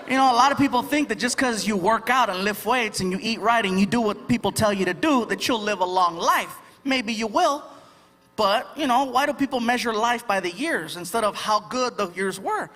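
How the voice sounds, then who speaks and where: A man from the United States performing a stand-up comedy set on stage, animated and laughing at his own jokes as he acts out voices. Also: sits high, normal speed. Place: theater stage with live audience. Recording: live show with crowd laughter and noise.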